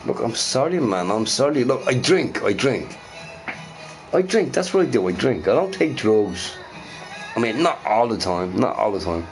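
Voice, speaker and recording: A man's voice: mid-range voice, very animated, moderate pace. A middle-aged man chatting casually and profanely on a live stream, rambling and repeating himself, with faint music behind.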